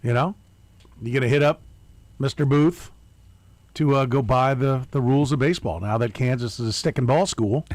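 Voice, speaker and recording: A man's voice: mid-range voice, normal speed, a little mellow, no echo. A middle-aged man hosting a sports radio show, chatting and ribbing his co-host. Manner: teasing, chatty. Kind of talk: casual radio banter.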